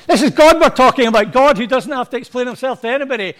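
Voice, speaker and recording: A pastor preaching a sermon to his congregation in a very high voice. He talks in a conversational, anecdotal way and often acts out the people he quotes. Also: quick pace, fairly bright tone.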